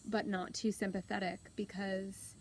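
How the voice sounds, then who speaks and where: A woman in her thirties, hosting, telling a personal story in an open, earnest, unhurried way with soft pauses. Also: medium pitch, level tone, a little hiss or hum, low-quality recording. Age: 30s. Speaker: host.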